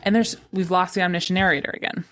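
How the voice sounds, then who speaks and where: A woman's voice: on the low side, steady tone, fast talker, a bit bright. A woman co-hosting a podcast, casually recapping a book with lots of "like" and paraphrasing what the characters say. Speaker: podcast co-host.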